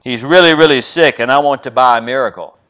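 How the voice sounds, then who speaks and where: A man's voice: mid-range voice, fast talker, a bit bright, clear, resonant tone, close to an everyday voice. A man voicing a determined eight-year-old girl, pleading and insistent in a read-aloud story. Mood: earnest pleading.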